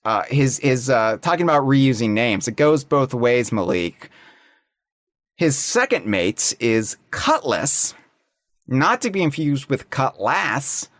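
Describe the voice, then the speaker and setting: Male podcast host; animated, emphatic, dry close mic. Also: medium pitch, measured pace, no echo. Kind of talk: casual fan discussion.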